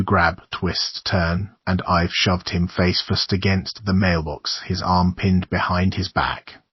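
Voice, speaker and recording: A male horror audiobook narrator with a very deep, husky voice. He reads in an intense, dramatic first-person manner. The recording is dry and a little dull. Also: steady tone, takes it slowly, no echo.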